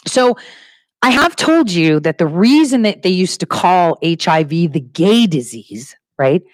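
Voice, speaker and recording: A woman hosting her own talk show, speaking quickly and animatedly and laughing as she talks. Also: on the low side, dry recording, low-quality recording. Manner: fast, animated, laughing while talking. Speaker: show host. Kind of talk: casual talk-show monologue.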